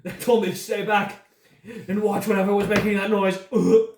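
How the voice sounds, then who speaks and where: A dying bandit wails and shrieks in pain, his voice pitched up high and frantic, as a young man acts him out. The sound is roomy with a faint hiss underneath. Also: level tone, a little fast, recorded from a distance. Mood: agonized. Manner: shrieking, wailing and coughing. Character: legless dying male bandit, screaming in agony. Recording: echoey room with faint noise.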